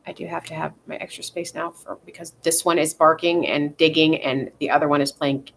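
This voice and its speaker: A woman's voice: low-pitched, steady tone, brisk, gravelly, slight background noise. A young adult woman vlogging in casual chat, rambling and swearing freely, with lots of fillers. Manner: rambling and profane, with frequent fillers.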